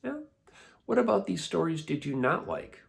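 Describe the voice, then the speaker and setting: A man leading children's church, telling a Bible story in a playful, animated way. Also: a little high, normal speed, vocal fry. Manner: animated, playful, laughs often.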